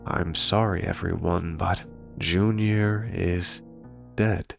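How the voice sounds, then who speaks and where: A man voicing a solemn doctor asparagus from a cartoon, grave and measured. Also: sits low, steady tone, gravelly, soft background music, exaggerated voice.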